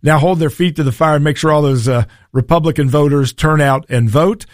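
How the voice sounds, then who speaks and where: Folksy talk radio host, dry sound. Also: male voice, a little high, brisk, dry recording. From Tennessee. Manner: folksy, combative opinion delivery.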